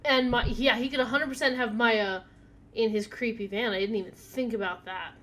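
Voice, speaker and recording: A woman's voice: on the high side, steady tone, normal speed, a bit bright, a little hiss or hum. Chatty woman streaming a game. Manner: chatty, reads text aloud, talks to her cat. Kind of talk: casual live gameplay commentary.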